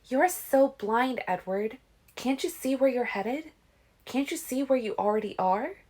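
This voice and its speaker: A woman's voice: sits high, lively intonation, measured pace, a little mellow, voice pushed up. A woman reading a fan-made audiobook, voicing an insistent teen girl vampire seer in a raised, lilting voice.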